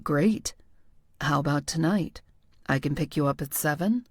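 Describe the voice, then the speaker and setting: A woman narrator voicing a shy, gentle man with a soft, hesitant way of talking, in a lowered voice. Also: unhurried, no echo, clean studio sound. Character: shy, gentle young man, kind dog owner.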